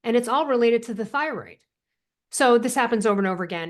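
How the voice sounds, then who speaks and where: A woman's voice: a little high, brisk. A woman from the United States, a guest author on a podcast interview, telling stories emphatically and acting out quotes. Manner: emphatic, animated storyteller who acts out quotes. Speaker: guest author and thyroid coach.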